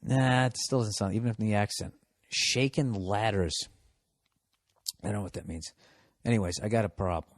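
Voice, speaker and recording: A man's voice: lowish voice, fast, a little mellow, dry recording. A man with a Boston accent hosting a podcast, riffing sardonically and profanely on listener letters. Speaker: podcast host. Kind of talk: casual comedic monologue.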